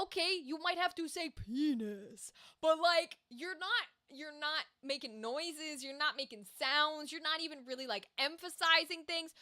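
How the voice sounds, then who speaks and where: High, bright-voiced woman chatting candidly. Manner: candid, swears freely, chatty asides. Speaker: voice actor streamer. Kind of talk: casual livestream chat.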